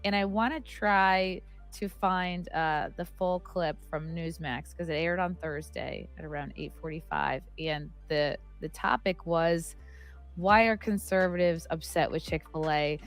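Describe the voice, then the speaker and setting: A woman's voice: lowish voice, unhurried, soft background music. A woman co-hosting a podcast, telling a story in a rambling, self-correcting way. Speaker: podcast co-host. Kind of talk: casual chat.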